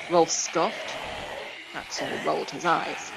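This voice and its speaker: Lively woman storyteller with background noise. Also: on the low side, normal speed. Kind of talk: storybook narration.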